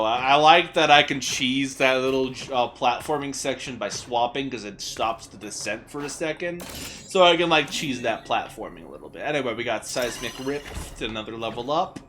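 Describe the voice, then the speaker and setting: A man giving casual, jokey gameplay commentary as a gaming streamer, excitable and swearing freely, with game music behind him. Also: medium pitch, slight background noise.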